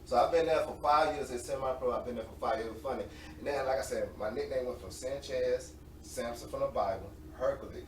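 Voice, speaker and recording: A man in his late twenties, an interview guest, telling animated, slangy stories and laughing often. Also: medium pitch, fast. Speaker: interview guest, semi-pro football player. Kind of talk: casual storytelling. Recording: roomy, distant mic with faint noise.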